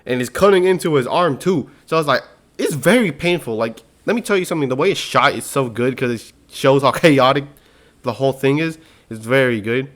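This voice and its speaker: A young man casually recapping a movie in slangy, animated storytelling, acting out characters' lines as he goes. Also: mid-range voice, a little fast.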